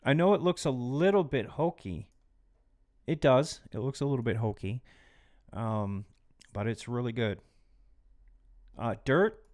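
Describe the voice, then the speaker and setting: A man talks slowly and unhurriedly as he hosts a live mixing tutorial from a home studio. His delivery is casual and chatty, and he keeps slipping into quiet, muttered asides as he works. His voice sits at a middling pitch. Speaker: livestream host teaching music mixing.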